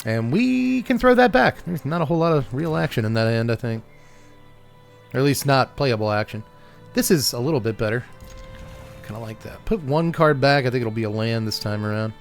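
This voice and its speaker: A man's voice: medium pitch, a little fast, soft background music. Wry, chuckling man commenting on gameplay. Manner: wry, joking, chuckles often. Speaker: host of a card game channel.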